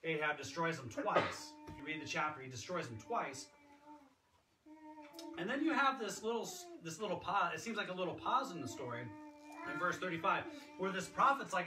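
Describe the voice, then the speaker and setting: A man's voice: sits high, lively intonation, brisk, over music. A man preaching a sermon in a church, with a conversational manner and acted-out quotes. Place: church sanctuary. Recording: echoey hall, distant mic, background noise.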